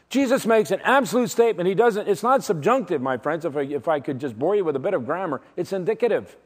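A man preaching in a fairly high voice that swings widely in pitch. He is emphatic and dramatic, moving from loud declarations down to hushed, slow words. A long reverb from the large hall trails after each phrase. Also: sing-song. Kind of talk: sermon.

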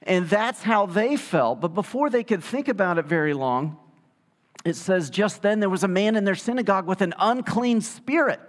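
A male pastor preaching a sermon in a conversational, animated storytelling way, with casual asides. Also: high voice, normal speed. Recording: reverberant hall sound.

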